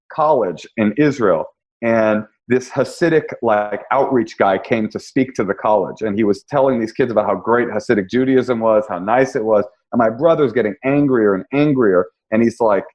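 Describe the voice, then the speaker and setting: A man, a comedian guest, telling wry, self-deprecating stories in a casual podcast chat. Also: mid-range voice. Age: young adult.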